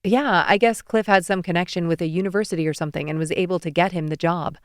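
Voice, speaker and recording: A woman voicing a caring, fussing middle-aged mother on the phone, brisk and gently teasing. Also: fairly low pitch, steady tone, no room sound, clean studio sound, natural voice. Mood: motherly.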